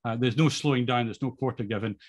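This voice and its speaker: A middle-aged Scottish man talks quickly and informally to an audience, walking them through slides. He rambles, fills pauses with plenty of ums, restarts sentences and pokes fun at himself. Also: mid-range voice. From Scotland. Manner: self-deprecating humour. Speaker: guest speaker.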